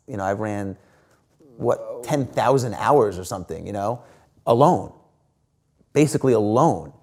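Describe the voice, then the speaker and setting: A middle-aged man, an interview guest, telling stories casually with many fillers and acted-out quotes. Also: mid-range voice. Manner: animated, lots of fillers and quoted dialogue. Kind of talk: casual storytelling.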